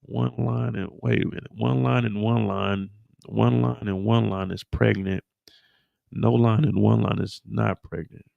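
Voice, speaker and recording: A man casually recapping a TV episode, animated and profane, acting out the characters' lines as he goes. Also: fairly low pitch, a little slow, gravelly, narrow, tinny audio. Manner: animated, profane storytelling with acted-out quotes. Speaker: show recap host.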